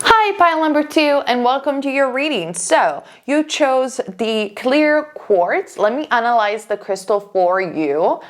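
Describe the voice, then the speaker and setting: A woman's voice: high-pitched, animated, measured pace, few pauses. A woman giving a casual pick-a-card tarot reading as a psychic, chatty and emphatic, with fillers and restarts.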